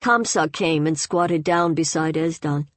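A woman narrating a novel in a measured, even way. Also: deep voice, no room sound. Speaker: audiobook narrator. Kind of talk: scripted narration.

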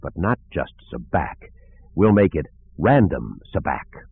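A curt, hot-tempered male pilot, snappish and low with a threatening edge, as a man voices him. His voice is fairly low and husky, over a narrow phone-like sound. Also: very animated, fairly quick, no echo, exaggerated voice. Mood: snappish, menacing.

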